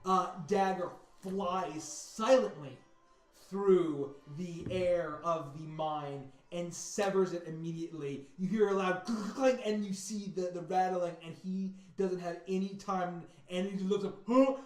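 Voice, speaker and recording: A man narrating as game master, animated, breaking into loud sound effects and voices. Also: sits high, unhurried. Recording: roomy mic with background music. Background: faint music.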